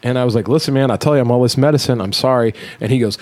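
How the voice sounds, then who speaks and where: A young adult man hosting a podcast, telling an animated, profanity-heavy story in casual chat. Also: mid-range voice, quick pace, hardly any pauses. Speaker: podcast host.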